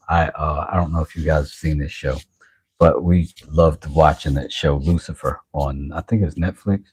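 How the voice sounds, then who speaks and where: A man's voice: deep voice, darkish tone, slightly rough, no room sound. A man hosting a knife-sharpening livestream, chatting casually and self-deprecatingly with viewers. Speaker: knife-sharpening channel host.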